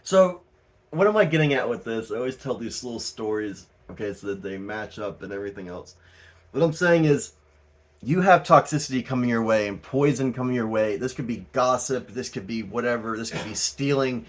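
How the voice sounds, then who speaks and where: A man giving a tarot reading as the host, talking casually, rambling and animated, often laughing and swearing. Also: medium pitch, a little fast. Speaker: tarot reader.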